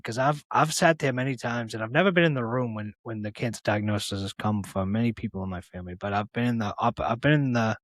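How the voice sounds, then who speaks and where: Man, 40s, from the Boston area, podcast host, low-ish voice, earnest storyteller, dry close sound. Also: dry recording. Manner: earnest, storytelling, peppers talk with "right?". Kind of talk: casual conversational chat.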